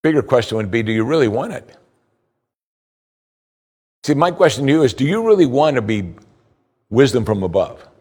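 Male pastor, mid-pitched voice, earnest sermon delivery, rhetorical questions, pushes up in pitch for emphasis and slows down for weight. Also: sing-song, darkish tone, slightly rough. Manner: rises in pitch for emphasis, slows for key points.

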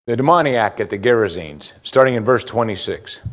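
A man preaching a sermon with emphatic delivery, swinging between loud stress and quiet asides. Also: lowish voice, lively intonation, fairly quick. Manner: emphatic preaching, rising and falling in volume. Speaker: pastor.

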